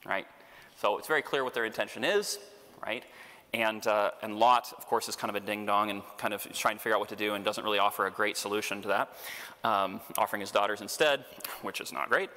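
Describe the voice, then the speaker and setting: Bright-voiced priest lecturing with humor. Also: male voice, on the low side, brisk, in a large hall. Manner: animated, chuckling, humorous asides. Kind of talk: Bible study lecture.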